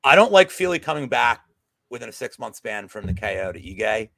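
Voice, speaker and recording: A man co-hosting a betting podcast in casual chat, an animated, jokey storyteller who swears freely. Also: medium pitch, a little fast, creaky, no echo.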